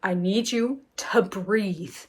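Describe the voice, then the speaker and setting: A woman's voice: mid-range voice, takes it slowly, breathy edge. A woman retelling a birth story, putting on the voice of a firm female doctor giving orders. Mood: insistent. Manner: firm, insistent.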